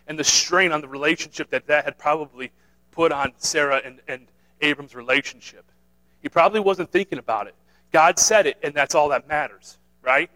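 A man's voice: a little high, sharp tone, low-quality recording. A man preaching a sermon in an earnest way, repeating himself, restarting phrases and asking his listeners "right?". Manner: earnest, repetitive, with many restarts and "right?" tags.

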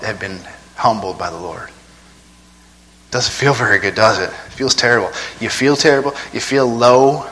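A man's voice: mid-range voice, pushed and bright, big-room sound, low-quality recording. A man preaching a sermon in a conversational way, often asking the congregation rhetorical questions.

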